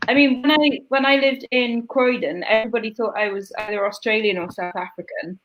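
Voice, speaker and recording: A woman's voice: fairly high pitch, brisk, a bit bright, highs cut off, slight background noise. A woman with a Welsh accent chatting casually on a live stream, bantering and laughing. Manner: chatty, breaks into song snatches and laughs. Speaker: co-host.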